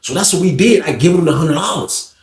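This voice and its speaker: A man with a high voice rattles through a casual story, full of slang, and acts out everyone he talks about. He talks fast and the room around him echoes. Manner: animated, slangy, acts out the other people in his story. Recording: roomy echo.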